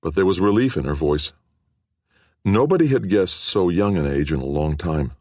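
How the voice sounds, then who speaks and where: Low husky guy reading a fantasy audiobook, lively ups and downs, dry close sound. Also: moderate pace, no room sound. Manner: expressive storytelling. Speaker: audiobook narrator. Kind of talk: scripted narration.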